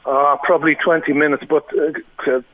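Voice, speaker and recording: An Irish comedian telling rambling, self-deprecating gig stories in casual chat. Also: male voice, a little high, flat delivery, brisk, no room sound. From Ireland. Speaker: stand-up comedian guest. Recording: tinny phone-like line.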